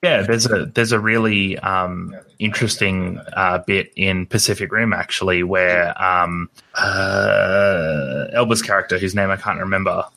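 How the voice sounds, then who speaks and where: A man chatting casually on a podcast, halting and searching for words. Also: low voice, fairly even intonation, creaky, sharp tone. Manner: halting, many fillers and restarts.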